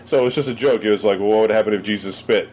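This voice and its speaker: A man's voice: lowish voice, racing, darkish tone, slight background noise. A man co-hosting a casual podcast chat, telling stories with frequent laughter. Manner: laughs often, tells stories animatedly. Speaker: podcast co-host.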